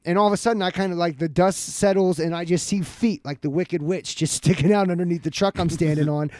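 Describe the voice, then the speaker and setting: A man in his thirties telling a story in casual chat, animated and heavy with profanity. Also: sits high, fast talker, no room sound.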